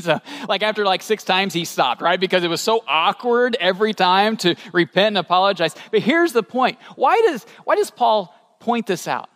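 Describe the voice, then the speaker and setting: A man preaching a sermon as a pastor, animated and rising to emphatic peaks, asking the congregation questions. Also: sits high, normal speed. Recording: long hall reverb.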